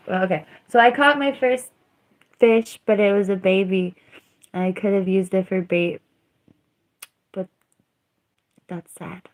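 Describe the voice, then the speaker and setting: A young woman chatting casually on her livestream, rambling, giggling and trailing off. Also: mid-range voice.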